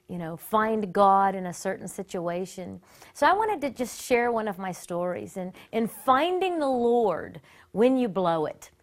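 A woman worship leader sharing a personal testimony story in an earnest, animated way that often breaks off and restarts. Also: mid-range voice. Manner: earnest and animated, with many self-interruptions.

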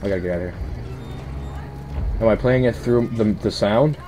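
A man's voice: lowish voice, normal speed, mellow, faint music behind. A man giving casual, rambling commentary while playing a horror game, easily startled and yelping at scares, on a headset mic. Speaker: let's play commentator.

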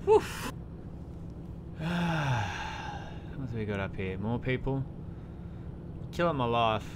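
Swearing gamer narrating a truck drive. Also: male voice, medium pitch, expressive, slow pace, background noise. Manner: chatty, swears often, talks to himself while driving. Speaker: let's play gamer. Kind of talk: casual gameplay commentary.

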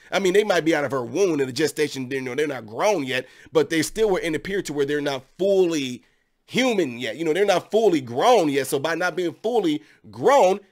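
Male host, higher voice than most men, sarcastic emphatic commentary, keeps hammering rhetorical questions.

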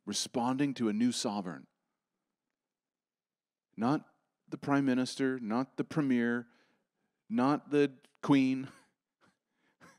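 A man's voice: medium pitch, no echo. Man preaching, dry close sound. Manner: swings from rising emphasis to soft, near-whispered reassurance. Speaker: pastor. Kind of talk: sermon. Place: church.

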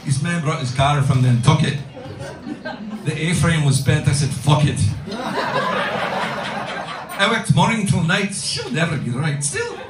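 A man putting on a gruff Irish mechanic. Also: fairly high pitch, very animated, unhurried, pauses often, reverberant, distant mic, noisy background. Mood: defiant. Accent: Irish, put on. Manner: blunt, defiant, rhyming.

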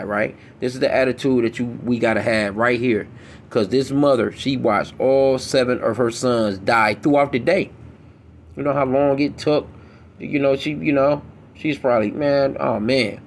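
A man with a gravelly, mid-pitched voice reads old scripture slowly and deliberately. Between the verses he breaks into blunt, profane, emphatic street talk, preaching at his listeners. A faint hiss sits under his voice. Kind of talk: reading scripture aloud and commenting.

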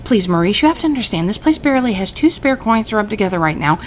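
A woman's voice: medium pitch, sing-song, quick pace, a little hiss or hum, pitched above the performer's own voice, natural voice. A woman reading as a weary shop owner. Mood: apologetic.

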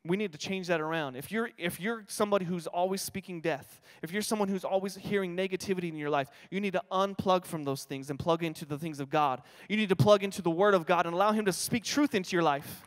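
A young adult man preaching a sermon in a church, energetic and humorous, telling stories and repeating his key lines. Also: high voice, fast, hardly any pauses. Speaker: pastor. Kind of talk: sermon with storytelling. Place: church sanctuary. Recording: reverberant church hall.

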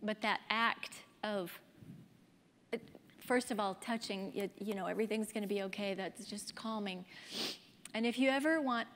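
A woman in her fifties, a pro-life speaker, shares a candid personal testimony in a conversational, storytelling manner. Her medium-pitched, slightly bright voice moves at a moderate pace with frequent pauses. The recording has a long hall reverb and faint background noise.

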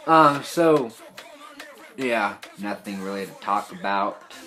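A man's voice: fairly low pitch, animated, slow. Rambling young male vlogger, music behind. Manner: rambling, hesitant, lots of fillers and restarts. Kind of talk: rambling casual vlog to camera.

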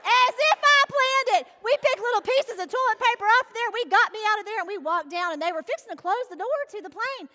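A woman with a Southern US accent spins a comic story for a live crowd, folksy and animated. Her voice sits very high and rings bright and forceful. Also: quick pace, hardly any pauses, slight background noise. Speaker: host and speaker. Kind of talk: humorous storytelling to a live audience.

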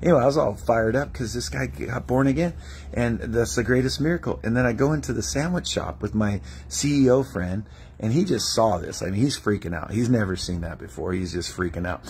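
A man's voice: medium pitch, brisk, a little mellow, a little hiss or hum. A man preaching a testimony-style sermon as an evangelist, telling stories animatedly and acting out prayers and dialogue.

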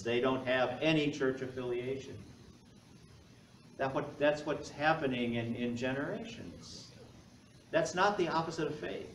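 A man's voice: a little high, distant mic, a little hiss or hum. A man preaching a sermon as pastor, talking conversationally to the congregation with joking asides. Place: church sanctuary. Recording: echoey church heard from afar.

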